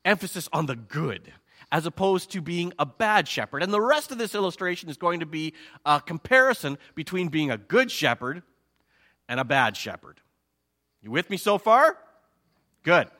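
Male pastor, sermon, lively swooping delivery, bright ringing tone. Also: a little high, normal speed. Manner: animated, acts out listeners' reactions.

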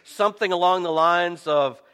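A man preaching a sermon as a pastor, telling the story in an animated way with self-mocking humor. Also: high voice, moderate pace, clear, resonant tone, long reverb tail.

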